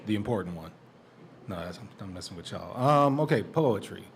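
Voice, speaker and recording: A man from Portland, Oregon performing a defiant, profane spoken word poem at an open mic, his voice building to shouted lines. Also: lowish voice, animated, fairly quick, gravelly, a little hiss or hum. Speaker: performing poet. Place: live open mic in a community center.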